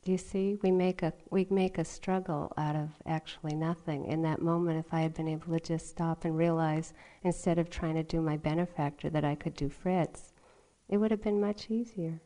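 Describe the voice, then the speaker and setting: Gentle woman giving a dharma talk. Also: sits low, fairly even intonation, moderate pace. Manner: gentle, laughs often, storytelling. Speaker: meditation teacher. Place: retreat meditation hall.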